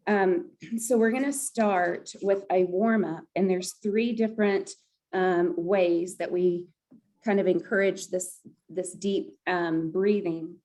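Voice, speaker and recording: A woman guides a group laughter yoga session, chatty and upbeat and often breaking into laughter. Her voice is on the low side and slow, with fairly even intonation and a darkish tone.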